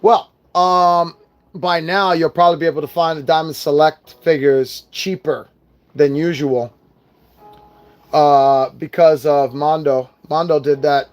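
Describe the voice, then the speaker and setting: A man's voice: on the high side, steady tone, a little slow. A young man ranting casually as he unboxes and reviews collectible figures, swearing often and venting his frustration. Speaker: toy reviewer.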